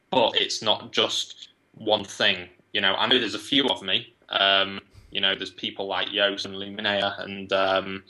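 A man with an English accent, a guest talking in a casual interview, thinking aloud with quick restarts. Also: on the low side, bright, forceful tone, low-quality recording. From England. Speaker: guest, web agency founder.

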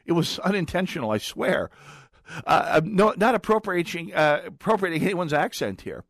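A man's voice: sits high, sing-song, normal speed, gravelly, no echo. A man hosting a talk radio show, delivering a sardonic, digressive monologue with wry asides into a studio microphone.

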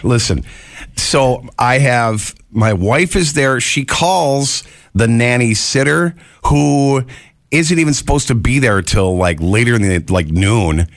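A man co-hosting a morning radio show, telling a story excitedly with frequent laughs. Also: mid-range voice, slow, dry recording, clean studio sound.

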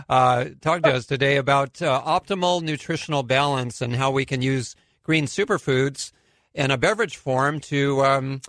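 A man's voice: mid-range voice, moderate pace, fairly bright tone, dry recording. A middle-aged man hosting a radio show at a studio microphone, chatting casually, laughing often, with plenty of fillers.

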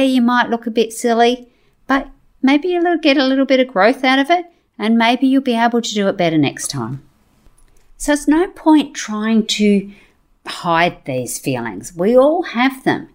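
Woman with a lively motivational voice. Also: medium pitch. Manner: warm encouraging storytelling with rhetorical questions. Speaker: podcast host. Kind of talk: motivational monologue.

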